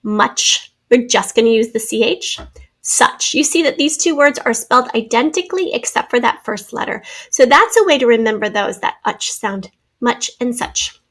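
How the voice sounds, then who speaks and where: A woman teacher giving a spelling and phonics lesson, sounding out words slowly and carefully. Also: a little high, lively intonation, fairly bright tone. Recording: recorded lesson video.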